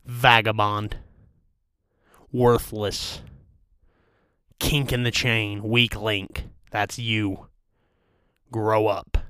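A young man hosting a comedic rant, crude and profane in a deadpan way. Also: on the low side, drawn-out words, long pauses, clean tone, dry recording, studio quality. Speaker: host of a rant show.

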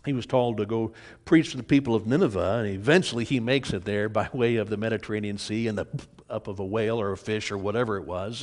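A man's voice: on the low side, fast, darkish tone. Man preaching a sermon with many restarts. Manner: impassioned, repeats words and restarts, acts out quoted voices. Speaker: pastor.

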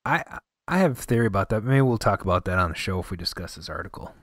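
A male podcast host chatting casually, with a pitch that moves a lot. He jokes around and laughs easily. The sound is close and dry. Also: fast, no echo. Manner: laughs easily, relaxed and joking. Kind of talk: casual chat.

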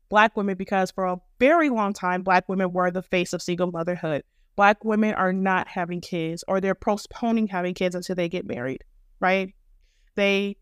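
Young black woman ranting on her podcast, smooth clear voice, dry mic, cusses a lot, very blunt. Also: medium pitch, no echo. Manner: blunt, profane and emphatic. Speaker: podcast host. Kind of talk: opinionated commentary monologue.

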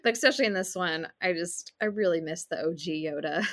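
A woman's voice: on the low side, brisk. A woman co-hosting a casual film podcast, chatty and opinionated, with many "like" fillers. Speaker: podcast co-host. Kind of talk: casual chat about films.

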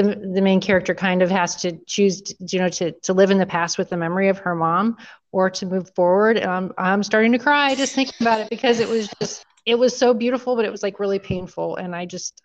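A middle-aged woman co-hosting a podcast, gushing emotionally in casual chat and often trailing off. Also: mid-range voice. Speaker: podcast co-host. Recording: dull lo-fi sound.

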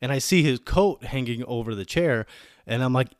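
A man's voice: medium pitch, normal speed, clear, resonant tone, dry recording, clean studio sound. Swearing thirty-something man ranting on a podcast. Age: 30s. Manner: animated storytelling with swearing and quoted asides. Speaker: podcast host. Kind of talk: casual solo rant.

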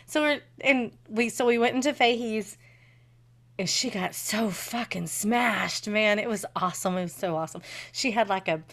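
A woman co-hosting a podcast in casual chat, animated, swearing freely and laughing often. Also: mid-range voice, moderate pace. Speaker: podcast co-host.

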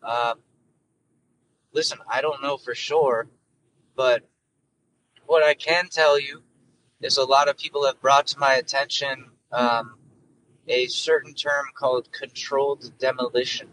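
Profane, rambling young podcast host. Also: male voice, mid-range voice, steady tone, unhurried, long pauses, a bit bright, far from the mic, slight background noise, poor audio. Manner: rambling, profane, jokey, with frequent fillers. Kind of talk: casual solo monologue.

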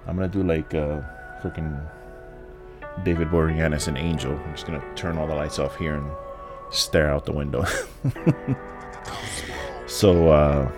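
A man's voice: rumbling low, steady tone, measured pace, long pauses, music in the background. A man, hosting a candid solo podcast from home in a laid-back, rambling, profane way with lots of restarts. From the Bronx, New York. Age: 40s. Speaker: podcast host.

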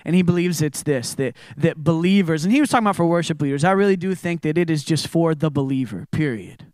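A young man delivers a sermon as though talking with friends, with loose fillers and quick asides. His voice sits a little higher than most men's. The sound is dry and close, with no room echo. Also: lively intonation, darkish tone. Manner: conversational storytelling with frequent fillers. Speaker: preacher.

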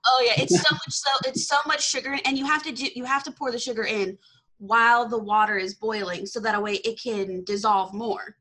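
A woman with a Texan accent hosting a podcast, talking in a casual, excitable way with frequent laughter. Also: a little high, brisk. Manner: giggly and excitable. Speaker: podcast host. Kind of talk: casual chat.

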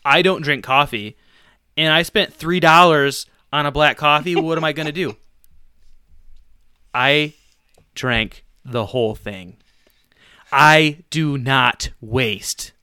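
A man co-hosting a podcast, telling a long casual story in an animated, self-deprecating way with bursts of laughter. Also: a little high, slow, pauses often, smooth, no room sound, clean studio sound. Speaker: podcast co-host.

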